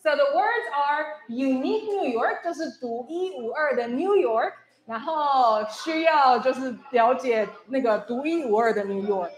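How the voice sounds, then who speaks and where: Upbeat high-voiced woman in an echoey hall. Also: expressive, unhurried. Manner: upbeat, encouraging, often laughing. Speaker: visiting radio presenter leading a school activity. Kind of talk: leading a tongue-twister game for schoolchildren. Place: school hall with children. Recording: echoey hall with children's chatter.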